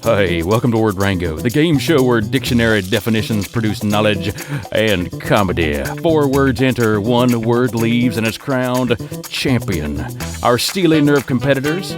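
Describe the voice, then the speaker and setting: Male announcer, animated intro read, guitar music underneath. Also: medium pitch. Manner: fast, hyped announcer delivery. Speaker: show announcer. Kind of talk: scripted game show intro.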